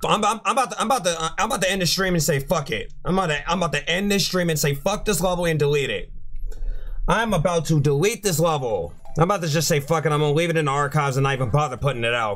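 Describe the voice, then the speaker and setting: A man's voice: on the high side, fast, a bit bright, soft background music. A young man streaming a video game, ranting and cursing in frustration as he plays. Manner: frustrated, swearing, repetitive ranting. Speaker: gaming streamer. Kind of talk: live game commentary.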